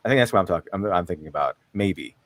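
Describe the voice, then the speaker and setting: A man chats casually on a stream and laughs often. His pitch swings widely, and the sound is dry with no room around it. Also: lively intonation, rapid-fire, fairly bright tone, dry recording. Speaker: stream co-host. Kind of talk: casual chat.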